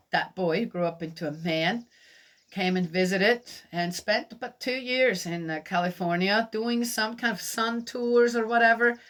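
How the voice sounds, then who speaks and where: A woman's voice: medium pitch, fairly bright tone. A middle-aged woman from Switzerland teaching a Bible lesson, telling personal stories in a chatty, laughing way and asking her listeners questions. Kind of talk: storytelling sermon.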